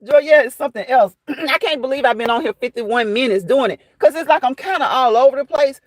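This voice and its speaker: A woman's voice: sits high, fairly quick, no echo. A woman hosting a casual livestream, chatting and fussing while she answers viewers by name. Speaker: livestream host reading chat.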